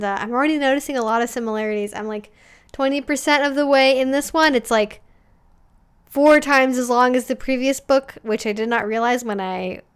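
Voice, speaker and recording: Woman, twenties, high voice, smooth and clear, casual livestream chat, greets viewers. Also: fairly bright tone. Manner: chatty, reads viewer comments aloud and greets them by name. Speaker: livestream host.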